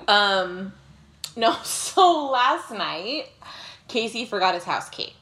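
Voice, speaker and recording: A woman's voice: medium pitch, very animated, drawn-out words, pushed and bright. Woman 30s, podcast co-host, swears freely, laughs through her stories. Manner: profane, laughing storyteller. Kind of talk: casual chat.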